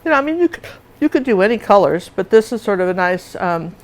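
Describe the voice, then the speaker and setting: A woman's voice: medium pitch, very animated, quick pace, rough recording. Chatty woman teaching painting live. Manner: chatty, asks viewers "see that?".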